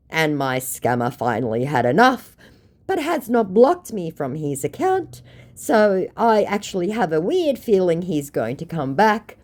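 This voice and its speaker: A woman vlogger with an animated, swooping voice that sits in a middle pitch. She tells her story with sarcastic, mocking delivery while reading out chat messages. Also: unhurried. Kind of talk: storytelling to camera, reading chats.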